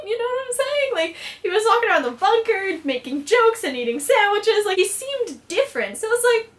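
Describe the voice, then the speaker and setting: Her voice is extremely high and sing-song, fairly bright, at normal speed with barely a pause. She's a young vlogger giving a casual TV episode recap, bubbly and full of "like" fillers and acted-out lines.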